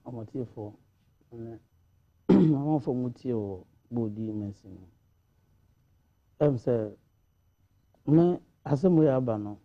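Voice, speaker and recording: A man's voice: mid-range voice, lo-fi sound. A man with a Ghanaian accent, a panelist in a studio discussion, talking animatedly and switching between Twi and English.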